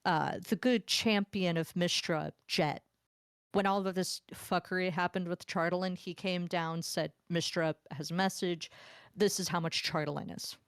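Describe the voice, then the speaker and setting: A woman voicing a male tavern local who leans in to explain money schemes in a brisk, conspiratorial way. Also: on the low side, steady tone, smooth, no room sound, clean studio sound, lightly acted.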